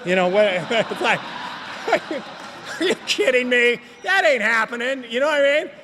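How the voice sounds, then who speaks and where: A man's voice: extremely high pitch, expressive, a little slow, pushed and bright, slight background noise. A man telling his story at a recovery meeting in a joking, slangy way, talking straight to the audience. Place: meeting hall. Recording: long hall reverb.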